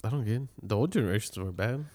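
A man's voice: on the low side, expressive, very fast, warm tone. A young man in casual chat, laid-back and agreeable, giving short replies.

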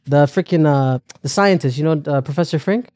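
Brief: young man, comedian guest, rapid and animated, slightly raised pitch. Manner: animated, joking, slips into voices. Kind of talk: casual podcast chat.

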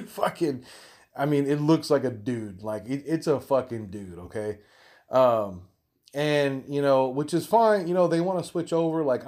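A young man ranting hotly and profanely, stumbling over repeated words and jumping up in pitch when he gets worked up. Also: a little mellow. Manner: heated, swearing, repeating himself, rising pitch when worked up.

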